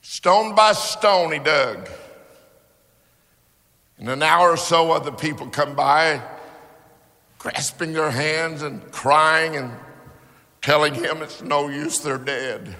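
A man preaching a sermon, telling a story slowly and building to impassioned, shouted peaks. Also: a little high, long reverb tail.

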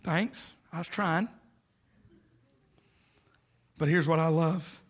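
A middle-aged man preaching a sermon as a visiting preacher, with whoops and shouts that drop to near whispers. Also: a little high, fairly even intonation, takes it slowly, slightly rough.

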